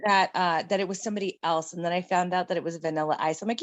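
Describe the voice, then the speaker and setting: A middle-aged woman telling a story in casual chat, animated and laughing often. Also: fairly low pitch, quick pace, no echo. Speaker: guest.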